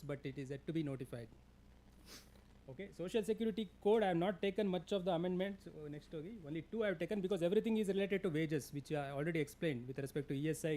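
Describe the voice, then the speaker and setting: A man with an Indian English accent lectures a class in a fairly high but mellow voice. He pauses often, restarts words and fills gaps with "uh". He tells his listeners plainly what to mark in their notes. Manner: halting, many fillers and restarts, directive. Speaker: lecturer on labour law. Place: lecture hall.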